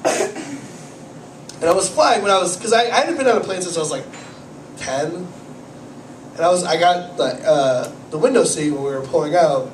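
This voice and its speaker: Taking long pauses, a man speaks at normal speed in a high-pitched, expressive voice during a rambling, self-deprecating comedy set, swearing and anxious while nursing a cold. The setting is a small cafe comedy night recorded from the audience by a distant camera, with an echoey room and audible noise.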